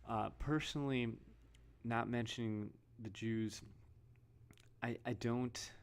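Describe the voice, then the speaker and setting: A man's voice: medium pitch, steady tone, takes it slowly, clean tone. A man giving casual, rambling video commentary, often restarting and reading headlines aloud. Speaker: vlogger.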